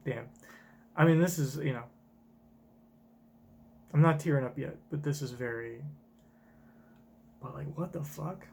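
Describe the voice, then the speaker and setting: Husky-voiced man swearing through reactions. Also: a little high, moderate pace, pauses often, a little mellow. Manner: swears a lot, blunt reactions. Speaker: reaction streamer. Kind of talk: live manga reaction.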